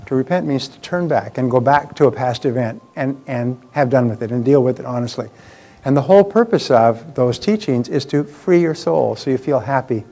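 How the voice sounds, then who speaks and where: A man's voice: mid-range voice, dark tone. Emphatic male seminar speaker. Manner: emphatic, repeats key phrases for effect. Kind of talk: live motivational seminar talk.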